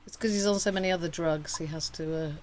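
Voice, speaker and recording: A woman's voice: on the low side, steady tone, fast talker, a little mellow, a little hiss or hum. A woman from England co-hosting a casual livestream, teasing her co-host with dry wisecracks.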